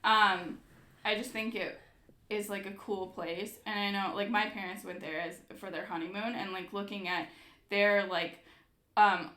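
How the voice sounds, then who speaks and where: An American woman co-hosting a casual chat, animated and giggly with lots of fillers. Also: mid-range voice, unhurried, reverberant. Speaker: co-host.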